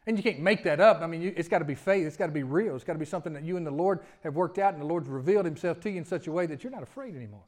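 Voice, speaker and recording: A male pastor preaching an animated sermon in a church service, often turning to the congregation with questions. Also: a little high, very fast, hardly any pauses.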